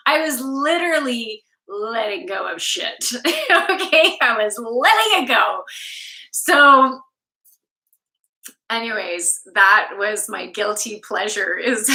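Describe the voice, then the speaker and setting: A woman's voice: on the high side, sharp tone, rough recording. A woman from Canada, a yoga instructor, chatting casually and candidly on a live stream from home, swearing freely and laughing often. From Canada, Toronto. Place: home room.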